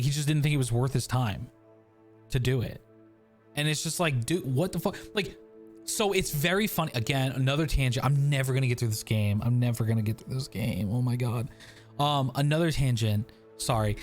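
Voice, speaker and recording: A man streaming a game, chatting casually and rambling off on tangents with plenty of swearing. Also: mid-range voice. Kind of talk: casual gaming commentary.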